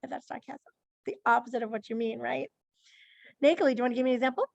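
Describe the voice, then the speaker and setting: Female teacher, online lesson, high pitch, creaky edge, keeps quizzing students by name. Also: fairly even intonation, rapid-fire, no echo, lo-fi sound. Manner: questioning, chatty, calls on students by name. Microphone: computer mic on a video call.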